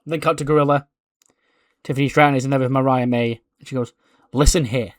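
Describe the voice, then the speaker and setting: A man's voice: medium pitch, fairly even intonation, quick pace, no room sound, clean studio sound. A man narrating a wrestling management game in loose, chatty fashion, laughing at himself. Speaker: gaming video creator. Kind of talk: casual let's-play narration.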